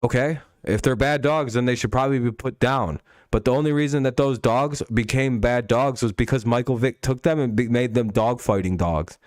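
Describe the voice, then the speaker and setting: Young guy hosting a stream, arguing hard, swears a lot, middle pitched, dry sound. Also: moderate pace, a little mellow, no echo. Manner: argumentative, profane, repeats himself. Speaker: host. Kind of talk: heated casual argument.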